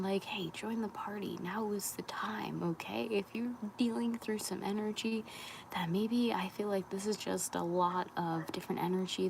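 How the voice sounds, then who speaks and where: A young woman, a spiritual wellness creator, talking candidly on a live stream in a soft, often half-whispered, rambling way. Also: fairly low pitch, creaky, a little hiss or hum, rough recording.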